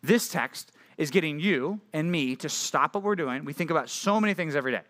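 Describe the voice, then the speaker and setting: Bright-voiced man preaching to teens. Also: a little high, lively intonation, brisk. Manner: casual and conversational, asks listeners questions. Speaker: youth pastor. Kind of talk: youth sermon. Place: church youth group meeting.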